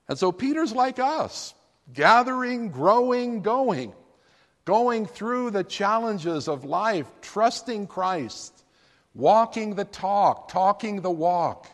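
A man's voice: a little high, animated, slow. A man preaching a sermon in a church sanctuary, with an emphatic, dramatic delivery. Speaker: pastor. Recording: long reverb of a large room.

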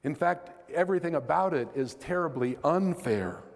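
A man's voice: fairly high pitch, expressive, normal speed, vocal fry, big-room sound. A man preaching a sermon as pastor, earnest and conversational, asking rhetorical questions.

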